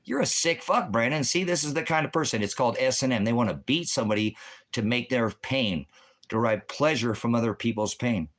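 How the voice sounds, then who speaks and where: A man's voice: mid-range voice, brisk, a bit bright. Give me a man ranting on a livestream, agitated and profane, berating his commenters. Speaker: livestream host answering chat. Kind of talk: heated livestream rant.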